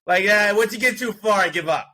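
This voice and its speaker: Slightly higher-voiced male co-host, casual and wry, given to teasing asides. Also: brisk, pushed and bright. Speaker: podcast co-host. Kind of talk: casual chat.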